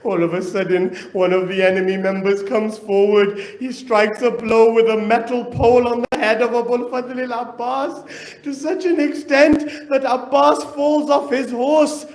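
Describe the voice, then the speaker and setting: A man with a British accent delivers a mourning sermon in a high, impassioned voice. He asks rhetorical questions and slips into chanting. The sound rings around a roomy, echoey hall. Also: flat delivery, moderate pace, darkish tone. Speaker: preacher. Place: mosque hall.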